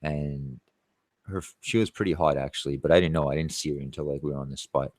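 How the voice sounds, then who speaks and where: A man with a deep, low-set voice talks straight to camera in a casual vlog. He rambles and brags, dropping curses into nearly every line. The sound is dry and close, with no room around it. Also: fairly even intonation, fast talker, darkish tone, dry recording. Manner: profane, boastful, rambling. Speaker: tree-cutting contractor.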